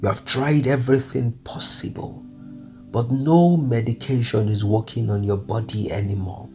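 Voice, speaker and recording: A man's voice: medium pitch, fairly even intonation, moderate pace, faint music behind. A man delivering an earnest, pleading devotional sermon, repeating his phrases as he speaks. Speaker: preacher. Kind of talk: devotional sermon over music.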